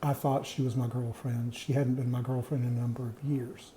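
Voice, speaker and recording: A middle-aged man telling a personal story in an earnest, reflective, plain-spoken way with pauses. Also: medium pitch, little pitch movement, warm tone, a little hiss or hum. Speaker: vlogger sharing personal experience. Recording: echoey room.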